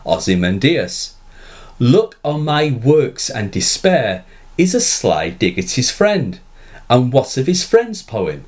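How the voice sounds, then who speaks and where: A man narrating a scripted literature lesson, delivering it in a measured, deliberate way and stressing the quoted lines. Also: on the low side. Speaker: literature teacher.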